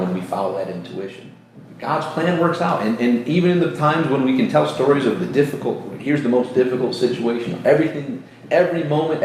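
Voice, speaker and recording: A man's voice: medium pitch, darkish tone, a little hiss or hum. A man hosting a casual talk about faith, telling personal stories earnestly and acting out voices in quotes. He grew up in New York State. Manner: earnest storytelling with acted-out quotes. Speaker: host. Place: room near a beach. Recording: echoey room, faint ambience.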